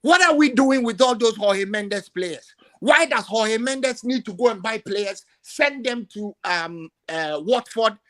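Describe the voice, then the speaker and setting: A man's voice: high-pitched, lively intonation, unhurried, few pauses. A male caller ranting emotionally over a video call, exasperated and stumbling over repeated words. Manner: emotional, exasperated, stammering repetitions. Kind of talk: impassioned call-in rant.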